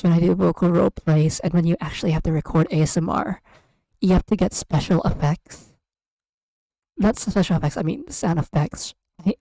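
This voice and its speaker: A woman streams from her room in loose, rambling chat that trails off and breaks into giggles. Her voice is low, dark and full of fry, and she takes her time. The close desk mic gives a dry, close sound. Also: no echo. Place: home room. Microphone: USB desk microphone.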